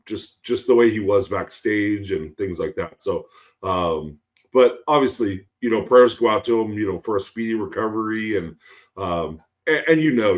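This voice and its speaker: A tired man co-hosting a podcast, rambling in casual chat with lots of fillers and some swearing. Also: fairly low pitch. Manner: rambling, many ums and you-knows, swearing. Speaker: podcast co-host.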